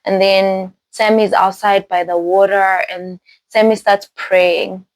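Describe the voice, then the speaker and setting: A woman hosting a casual spoiler recap of a film, talking in an animated, rambling way, with laughs and restarts. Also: mid-range voice, slow pace, no room sound, poor audio. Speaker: movie reviewer host.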